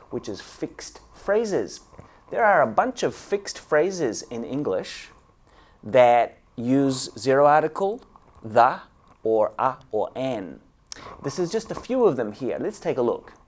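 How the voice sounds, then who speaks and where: A man teaching English grammar, walking through each point step by step. His pitch rises and falls with a lively, animated swing. He keeps turning to his students with a friendly "guys". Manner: explains step by step, often says "guys". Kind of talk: online grammar lesson.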